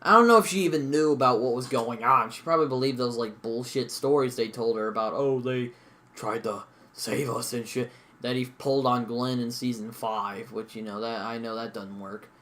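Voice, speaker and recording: A man's voice: medium pitch, a little fast, hardly any pauses, a bit bright. A young man giving a casual, rambling review of a TV episode, full of fillers and mild swearing. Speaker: show reviewer.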